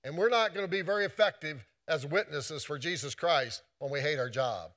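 A man's voice: fairly high pitch, a little fast, fairly bright tone. A man preaching a sermon in an earnest, repetitive way, quoting scripture often.

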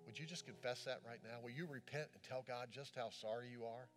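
A male pastor delivers a sermon with rising fervor, then sinks into a soft, hushed voice as he leads the congregation in prayer. His voice sits at an average pitch for a man. A faint guitar plays underneath. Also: brisk. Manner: impassioned preaching that drops to soft, hushed prayer. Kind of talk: sermon with altar call prayer.

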